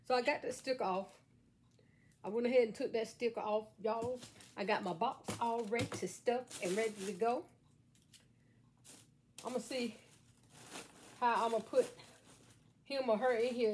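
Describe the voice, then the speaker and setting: A middle-aged woman chatting folksily to her viewers while showing a craft at home, recorded on a camera set on a table. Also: mid-range voice. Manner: folksy, playful, talks straight to viewers. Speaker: craft vlogger. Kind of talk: chatty how-to vlog. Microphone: camera on a stand at a table.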